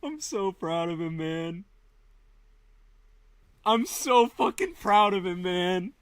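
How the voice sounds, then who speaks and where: A man's voice: high voice, slow, clean tone, dry recording. A man hosting live storm coverage, talking emotionally with heavy swearing and repeated phrases. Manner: emotional, profane, repeats himself. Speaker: live stream host.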